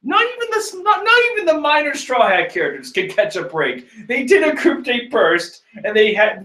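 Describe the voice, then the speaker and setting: A man's voice: high-pitched, reverberant. A young man casually reading a comic chapter aloud and reacting with joking asides. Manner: animated, joking, chuckling asides. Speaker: comic reader and reviewer.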